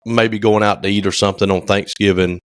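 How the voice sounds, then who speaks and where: A man's voice: lowish voice, fairly even intonation, a little fast, no room sound. A man co-hosting a podcast, telling stories in a rambling casual chat with lots of fillers. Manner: rambling storyteller, many fillers. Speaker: podcast co-host.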